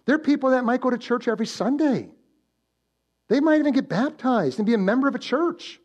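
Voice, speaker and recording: High-voiced pastor preaching with dramatic swings. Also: male voice, lively intonation, brisk, dull audio. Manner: swings from loud emphatic build-ups to hushed low warnings; storytelling with direct questions to the congregation. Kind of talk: sermon. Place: church.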